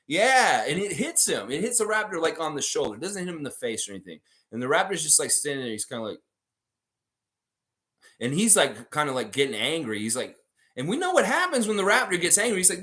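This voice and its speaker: An animated male host chats with his livestream viewers and spins profane, rambling stories. His voice sits a little high and swings widely in pitch as he talks. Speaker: fan show host. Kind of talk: casual livestream chat with viewers.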